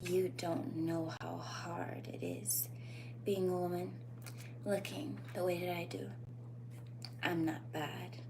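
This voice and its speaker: A woman putting on the voice of a sultry cartoon femme fatale, speaking slowly in a soft, breathy half-whisper. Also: fairly low pitch, expressive, noisy background, full character voice. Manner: slow, soft, seductive delivery.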